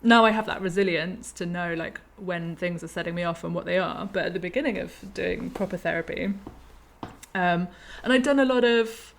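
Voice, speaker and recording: A woman in her thirties hosting a conversation, thoughtful and quick to laugh. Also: lowish voice, vocal fry, a little hiss or hum. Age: 30s. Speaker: podcast host. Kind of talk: reflective conversation.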